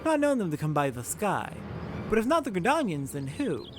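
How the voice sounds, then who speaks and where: A man's voice: high-pitched, sing-song, a little fast, background noise. A man voicing a confident, formal male engineer who talks in wordy, old-fashioned phrases. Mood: brisk. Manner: formal, wordy, slightly pompous.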